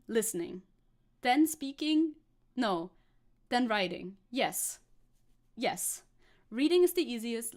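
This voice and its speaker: A young woman streamer chatting casually and rambling while she paints, swearing now and then. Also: fairly high pitch. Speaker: VTuber streamer.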